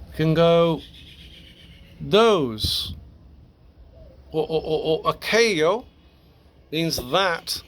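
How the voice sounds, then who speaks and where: A man teaching Spanish grammar to English speakers, explaining step by step, halting and correcting himself as he goes. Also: a little high, a bit bright. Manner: slow, halting, with restarts and self-corrections.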